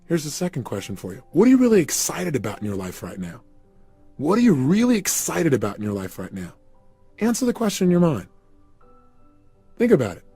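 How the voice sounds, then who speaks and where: A man's voice: fairly high pitch, wildly swooping pitch, brisk, pauses often, mellow, slightly rough, soft background music. A man giving a guided motivational talk, emphatically firing repeated questions at the listener. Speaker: motivational speaker.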